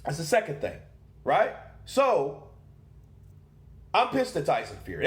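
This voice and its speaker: A man talking through boxing news in a loose solo commentary. He is animated and keeps asking rhetorical questions. His mid-range voice carries a roomy echo. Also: mid-range voice. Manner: animated and rhetorical, asks questions and answers them himself. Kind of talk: casual commentary monologue.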